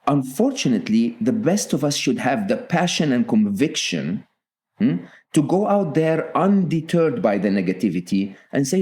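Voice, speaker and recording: A man's voice: medium pitch, big pitch swings, moderate pace, a little mellow. A middle-aged man, a guest author on a podcast, talking earnestly and often checking in with "okay?". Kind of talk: podcast interview.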